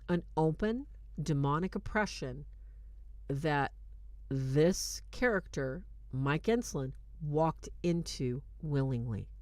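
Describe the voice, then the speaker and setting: Female host, casual commentary; lower pitch, very expressive melody, dry recording, animated storyteller. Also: no room sound. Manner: animated storytelling with fillers and restarts. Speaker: host reviewing a film.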